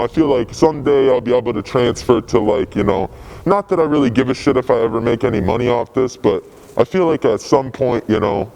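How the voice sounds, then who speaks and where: A man's voice: mid-range voice, vocal fry, dark tone, rough recording. A young man, a graffiti writer telling stories in a casual interview, laid-back, rambling and full of swearing.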